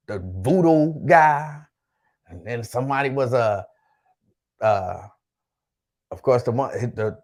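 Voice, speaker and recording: A man's voice: fairly high pitch, a little mellow. Male host for a casual live-stream chat, laid-back, repeats himself, reads viewer names.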